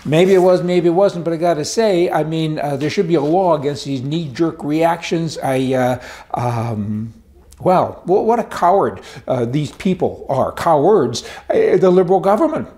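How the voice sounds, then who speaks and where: A man's voice: on the high side, lively intonation, normal speed, warm tone. A middle-aged Canadian man delivering an indignant, rambling opinion monologue as a commentary host, stumbling and repeating himself.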